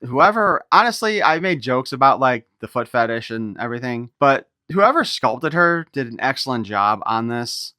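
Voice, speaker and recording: A man's voice: mid-range voice, sing-song, normal speed, hardly any pauses, bright, forceful tone, no room sound, studio quality. A man giving a casual toy unboxing review, reading a file card aloud and breaking off for irreverent wisecracks.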